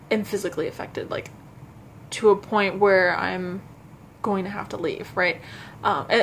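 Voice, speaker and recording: Young woman vlogging, kinda halting and nervous, lots of restarts, light background hiss. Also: medium pitch. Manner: halting and self-conscious, frequent restarts and stutters. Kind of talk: casual personal storytelling to camera.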